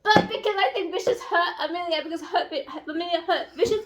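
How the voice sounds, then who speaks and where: A young woman chatting casually as she recaps a novel, gushing and excitable, now and then breaking into loud squeals. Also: very high voice, a little fast. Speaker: book vlogger.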